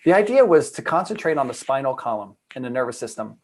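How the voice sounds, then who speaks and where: A man, a guest on a video call, telling a personal story in a lively, casual way full of "like" and acted-out quotes. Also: mid-range voice, quick pace, rough recording. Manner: animated storyteller, acts out quoted voices, many "like" fillers. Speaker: guest, trauma and addiction coach. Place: home room at a computer.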